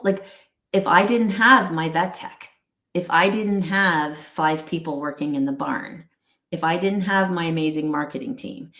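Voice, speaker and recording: Earnest woman in an echoey room. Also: lowish voice. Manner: earnest, rambling with restarts and acted-out quotes. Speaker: guest, pet wellness company founder. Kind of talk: candid interview talk.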